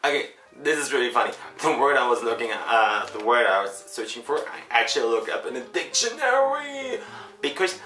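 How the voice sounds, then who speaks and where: Chatty young woman, lively and bright. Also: a bass voice, fairly quick. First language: not English. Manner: rambling, chatty, self-correcting. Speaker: vlogger. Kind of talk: casual chat to camera. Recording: echoey room with faint music.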